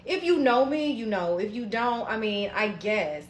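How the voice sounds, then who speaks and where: Profane, animated woman telling a story. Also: fairly high pitch, unhurried, reverberant, soft background music. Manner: animated, profane, talks straight to viewers. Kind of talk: casual storytime monologue.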